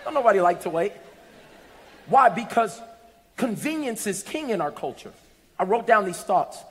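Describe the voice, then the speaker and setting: A man preaching a sermon, telling stories and rising to shouts and sing-song lines. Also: high voice, big pitch swings, normal speed, big-room sound. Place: church.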